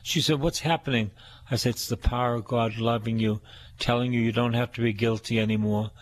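A man's voice: medium pitch, steady tone, brisk. A man preaching a sermon, reading scripture and repeating phrases for emphasis.

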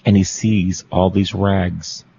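A man's voice: low voice, level tone, takes it slowly, creaky, mellow, lo-fi sound, slight background noise. A Catholic priest, a man, preaching a storytelling sermon, repeating phrases for emphasis and asking his listeners questions.

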